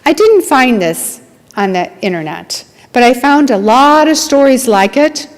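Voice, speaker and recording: A woman's voice: high-pitched, sing-song, measured pace. A woman giving a sermon to a congregation, telling a story in an earnest, dramatic way and acting out the dialogue. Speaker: lay speaker at a congregation. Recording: long hall reverb.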